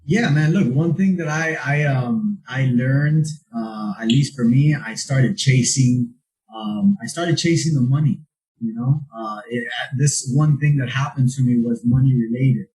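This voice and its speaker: A man talking casually as a podcast guest, with a mellow, warm tone. He tells his stories with animation, jumping up in pitch when he acts out what people said. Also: a little slow, low-quality recording. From South Florida. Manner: animated storytelling, acts out quotes with raised pitch. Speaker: real estate investor guest.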